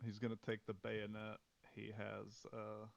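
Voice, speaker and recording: Gravelly low-voiced man playing a tabletop game. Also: monotone, measured pace, lo-fi sound. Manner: hesitant, filler-heavy, thinking aloud. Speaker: player. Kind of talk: tabletop role-play, describing his character's actions.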